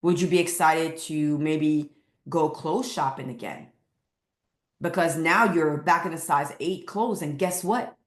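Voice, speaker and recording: A woman's voice: deep voice, a little slow, reverberant. A woman weight loss coach speaking to camera with emphatic, repeated motivational lines.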